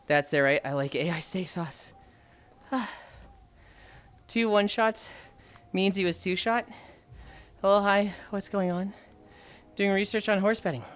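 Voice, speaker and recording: A woman's voice: medium pitch, slow, pauses often. A woman livestreaming while walking, out of breath and sighing as she chats with viewers and tells stories. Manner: chatty, reads chat aloud, animated storytelling.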